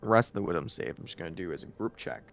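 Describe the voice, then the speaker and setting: A man running a tabletop game as game master, narrating casually with halting fillers. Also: low-pitched, lively intonation, vocal fry, faint music behind.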